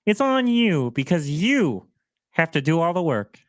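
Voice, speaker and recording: A man voicing a Kermit the Frog impression, a nasal male frog puppet talking slowly and deliberately. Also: on the high side, very animated, no echo, studio quality. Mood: earnest.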